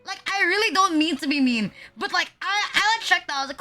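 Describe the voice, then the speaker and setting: A young woman from the Philippines chats on her livestream in a high, bright voice. She rambles and swears freely, and her talk is full of "like." Faint music plays behind her. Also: animated, fast, hardly any pauses. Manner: rambling, swears a lot, lots of "like". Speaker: VTuber streamer. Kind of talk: casual livestream chat.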